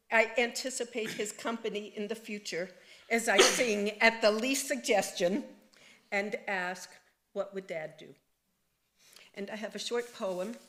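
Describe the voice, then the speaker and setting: Woman, funeral eulogy with a poem, slow and gentle delivery. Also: mid-range voice. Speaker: daughter giving a eulogy.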